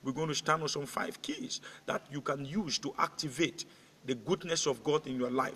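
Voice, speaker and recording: A man's voice: a little high, a bit bright. A male pastor preaching a sermon, rallying his congregation with repeated calls and scripture readings. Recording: long hall reverb.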